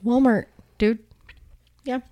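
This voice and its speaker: A woman's voice: fairly high pitch, fairly even intonation, slow, highs cut off. A woman co-hosting a podcast, telling a true-crime story in casual chat, wry and profane. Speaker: podcast co-host; emergency dispatch worker.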